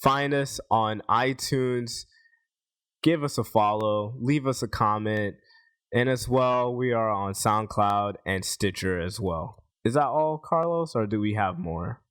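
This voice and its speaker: A man's voice: lowish voice, a little slow, fairly bright tone. A man hosting a casual podcast, thanking guests and rambling through plugs with lots of fillers. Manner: loose, rambling, jokey, with many fillers. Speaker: podcast host.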